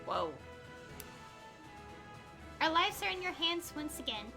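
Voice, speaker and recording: A woman's voice: very high-pitched, sing-song, slow pace, vocal fry. A woman streaming a game, reading its dialogue aloud with chatty, giggly asides. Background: game music.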